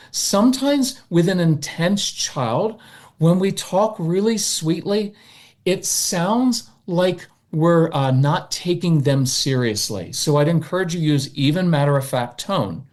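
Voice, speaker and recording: A man as a podcast guest, coaching parents in a matter-of-fact, animated way and slipping into quick voices of parents. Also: on the high side. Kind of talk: podcast interview.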